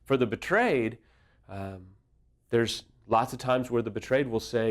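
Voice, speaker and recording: A man's voice: medium pitch, a little slow. A man speaking as an affair recovery counselor, giving earnest, direct advice in a conversational way and drawing on personal stories. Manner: earnest, personal and direct, illustrates points with anecdotes.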